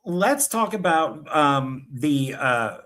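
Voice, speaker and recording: A man's voice: on the high side, big pitch swings, slow pace, a bit bright. A man interviewing a filmmaker, laughing often and asking loose, rambling questions. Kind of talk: casual interview chat.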